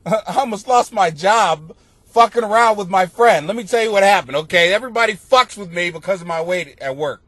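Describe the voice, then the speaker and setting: Profane, high-pitched man telling a story. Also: normal speed, fairly bright tone, no room sound. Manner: profane, laughs through his own story. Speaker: podcast host and comic. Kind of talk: rambling comic storytelling.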